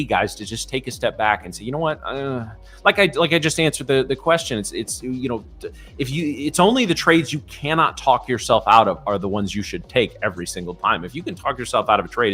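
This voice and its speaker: A man's voice: medium pitch, expressive, fairly quick, fairly bright tone, husky. A male co-host on a live trading show who gives advice casually, often restarting words and checking in with "right?". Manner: advising, repeats words, asks "right?". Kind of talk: casual explanatory talk.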